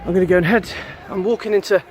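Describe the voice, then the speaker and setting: Thirties guy vlogging, kinda high voice, chatty and upbeat, rambles a bit. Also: fairly even intonation, fast, a little mellow, a little hiss or hum. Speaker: photographer vlogger. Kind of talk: casual vlog talk to camera. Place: outdoors by the sea, then in town.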